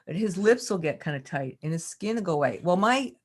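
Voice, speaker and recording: A woman's voice: lowish voice, lively intonation, a little fast. A woman teaching about love and relationships on a community call, talking expressively, acting out quoted lines and laughing often.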